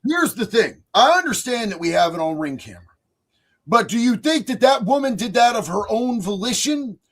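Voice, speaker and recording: Loud excitable high-voiced man. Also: normal speed. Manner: loud, excitable, often shouting. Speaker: live stream host reading chat. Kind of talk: casual live stream chat.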